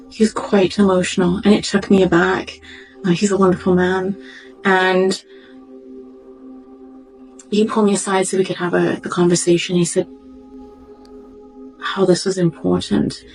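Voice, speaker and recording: A woman doctor giving a reflective, heartfelt personal testimony, pausing and searching for words as she goes. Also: medium pitch, creaky, a little mellow, rough recording. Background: faint background music.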